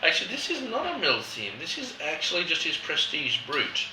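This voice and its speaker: A man leading a casual wine tasting chat, animated and acting out quotes in a lively voice. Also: a little high, brisk. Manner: animated, acts out quotes with rising voice. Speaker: wine educator host. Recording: roomy, distant mic, faint background.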